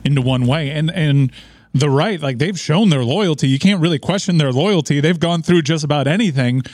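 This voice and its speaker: A man's voice: a little high, normal speed, a little mellow, no echo, studio quality. A man co-hosting a talk radio show, giving sardonic, pointed commentary in casual banter.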